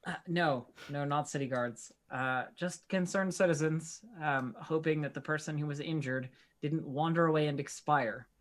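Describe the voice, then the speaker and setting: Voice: mid-range voice, normal speed, few pauses. A hesitant, polite tabletop player. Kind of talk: tabletop role-play.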